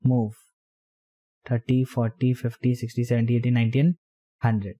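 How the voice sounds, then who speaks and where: A man explaining programming step by step while typing, in halting phrases. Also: mid-range voice, flat delivery, warm tone. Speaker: programming tutor. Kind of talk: screen-recorded coding tutorial.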